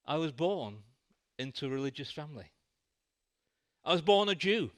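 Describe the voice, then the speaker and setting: An earnest, zealous devout man speaks with emphatic conviction, played by a preacher. His pitch rises and falls in a lively way. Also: normal speed.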